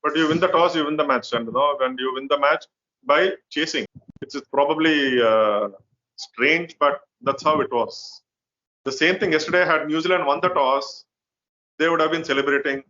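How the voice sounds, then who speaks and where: A man with an Indian accent co-hosting a cricket chat, explaining in a measured, hesitant way. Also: on the high side, pushed and bright, dull audio. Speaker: co-host, cricket journalist. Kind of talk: casual cricket analysis.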